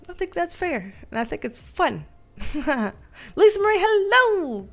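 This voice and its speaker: High-voiced woman chatting on a livestream. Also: big pitch swings, slow, soft background music. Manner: chatty, greets viewers by name, laughs often, swears casually. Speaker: livestream host. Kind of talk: casual livestream chat. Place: dim indoor room with ring light.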